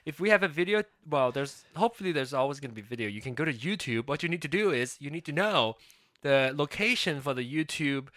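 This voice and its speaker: A man co-hosting a casual chat podcast on a headset mic, giggly and quick to break into laughing fits. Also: a little high, lively intonation, a bit bright, dry recording, studio quality. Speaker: podcast co-host.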